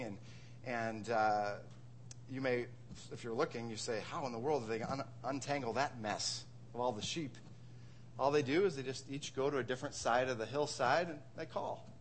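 A man's voice: medium pitch, a little hiss or hum. A man from Wisconsin preaching a sermon as pastor, conversational, asking rhetorical questions and repeating words.

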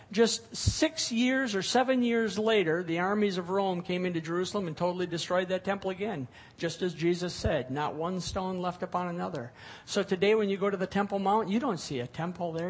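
A middle-aged man preaching from the pulpit in a notably high voice. He reads scripture aloud and then explains it, pressing his points with growing emphasis. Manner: expository preaching with scripture reading, rising emphasis. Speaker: pastor. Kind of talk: sermon.

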